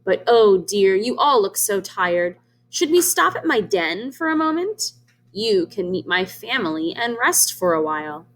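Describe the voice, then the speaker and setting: A smooth-talking trickster fox from a children's storybook, put on by a woman reading aloud. He draws out his words slowly and sweetly, with false politeness, and his voice rises and falls a great deal. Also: mid-range voice, big pitch swings. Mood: sugary. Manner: slow, sugary, falsely polite.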